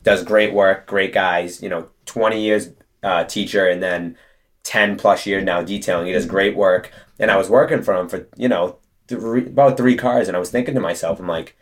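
A man's voice: deep voice, steady tone, moderate pace. A man, chatting as an interview guest, telling his story with lots of fillers. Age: 20s. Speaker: guest, detailing business co-owner. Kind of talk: casual interview talk.

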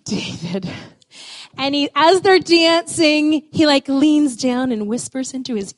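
A lively woman storyteller with a high, bright-sounding pitch who lingers over her words. She swings between hushed moments and excited bursts. The recording is dry and close. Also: a little slow, no echo. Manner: animated, expressive, playful, with many "like" fillers. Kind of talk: storytelling talk.

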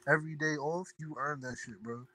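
A man guesting on a podcast, chatting in a laid-back, slangy way that often trails off quietly. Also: a little high, steady tone, brisk, low-quality recording. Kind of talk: casual chat.

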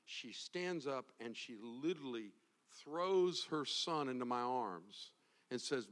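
A man preaching from the pulpit, telling a story in a low, hushed voice and then rising into loud, fervent exhortation. His pitch sits in an ordinary middle range for a man, and he talks straight to a congregation. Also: animated, slow pace. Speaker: pastor. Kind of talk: sermon.

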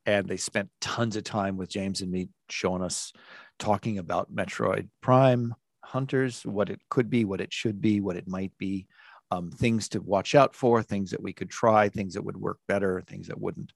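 A middle-aged man with a fairly low voice, vocal fry, and fairly even intonation is interviewed about his music and sound design work, speaking at normal speed. He tells stories in a casual, rambling way, full of restarts and fillers. The studio recording is clean with no room sound.

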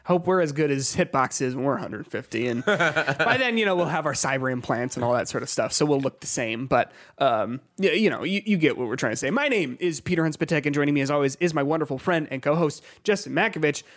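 A man's voice: a little high, animated, fast, hardly any pauses, fairly bright tone. Upbeat chatty man hosting a podcast. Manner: chatty, many fillers and restarts, upbeat. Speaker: podcast host. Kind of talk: casual chat.

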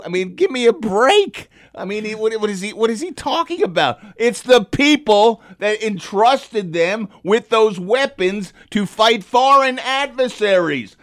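A man's voice: high voice, fairly bright tone, no room sound, studio quality. A man on a talk panel, giving his opinion in a fired-up, emphatic way and repeating words when he gets worked up.

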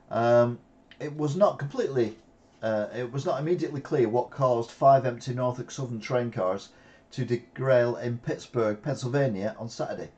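Male host, casual news riffs, mid-pitched. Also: darkish tone, highs cut off. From Britain. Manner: reads headlines then riffs with asides. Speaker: host of a live weekly news show.

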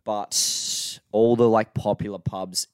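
A young Australian-accented man co-hosts a podcast in casual chat, laid-back and rambling with lots of fillers. His voice is on the low side, steady and smooth, slow-paced, in a dry recording.

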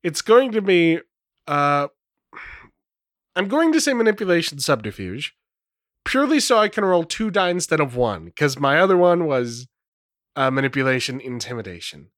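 A man's voice: a little high, big pitch swings, normal speed, a bit bright, no room sound, clean studio sound. A man running and narrating a solo tabletop role-play game, rambling with many fillers. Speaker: game master and player.

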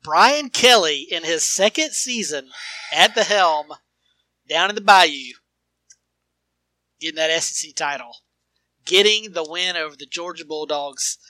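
Guy cohosting a football podcast, lively, laughs a lot, dry close mic. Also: on the high side, measured pace, pauses often, dry recording. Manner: animated, laughs often, broadcaster-style flourishes. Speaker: podcast co-host. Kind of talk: casual sports chat.

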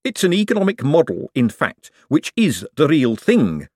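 A man voicing an excitable young male inventor who speaks eagerly and breathlessly. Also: medium pitch, measured pace, no echo, studio quality.

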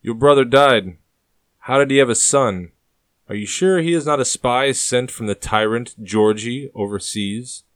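A man voicing a large, scarred rebel fighter who speaks in a calm undertone, in an audiobook. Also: mid-range voice, unhurried, dry recording, studio quality, pitched above the performer's own voice, lightly acted. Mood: suspicious.

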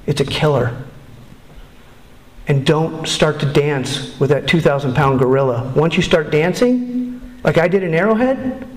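A middle-aged man giving candid personal testimony as a speaker at a recovery meeting, earnest and halting, often restarting his sentences. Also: a little high. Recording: echoey room.

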